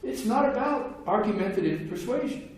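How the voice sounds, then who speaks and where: A man with a high-sitting, animated voice talks at a moderate pace through a philosophy lecture. His explanations run long and come with wry, laid-back asides. Recorded on a distant mic in a very echoey space, there's faint noise too.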